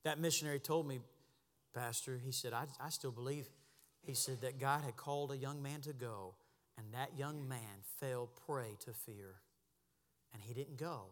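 A man preaching a sermon as pastor, impassioned, dropping to a hush and then rising to a shout. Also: mid-range voice, normal speed, in a large hall. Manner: impassioned, swings from hushed to shouting. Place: church sanctuary.

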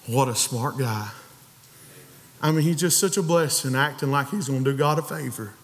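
Preacher man in a reverberant church. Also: a little high. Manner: preaching with rising emphasis, acting out quoted voices. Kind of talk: sermon. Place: church sanctuary. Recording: long reverb of a church hall.

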